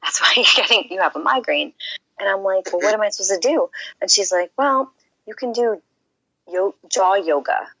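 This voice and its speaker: A woman's voice: mid-range voice, animated, moderate pace, gravelly, pushed and bright, no echo. A woman chatting on a game stream's voice call, telling funny stories and now and then dropping into a whisper. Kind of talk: casual chat on a voice call. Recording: dull lo-fi call audio.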